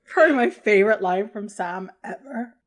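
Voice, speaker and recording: A woman co-hosting a podcast, chatting casually, laughing often and agreeing quickly. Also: mid-range voice, lively intonation. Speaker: podcast co-host. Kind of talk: casual chat.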